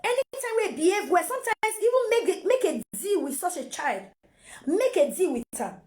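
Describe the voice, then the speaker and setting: A woman's voice: very high-pitched, big pitch swings, normal speed, darkish tone. A Nigerian woman and mother giving casual parenting advice to camera, repeating phrases and mixing in pidgin.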